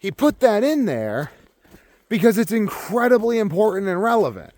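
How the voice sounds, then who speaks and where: Young male vlogger, high-pitched, profane emphatic ranting monologue. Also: sing-song, normal speed, a little mellow, dry recording.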